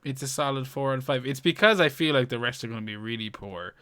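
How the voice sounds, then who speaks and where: A man's voice: medium pitch, fast, pushed and bright, no room sound, clean studio sound. A man hosting a podcast, teasing his co-host and swearing freely in casual banter.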